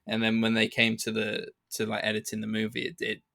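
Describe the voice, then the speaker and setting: Co-hosting a podcast, this man chats casually about a film, hesitating often with many restarts and fillers. His voice is fairly low, gravelly, bright and forceful, delivered completely flat and a little fast.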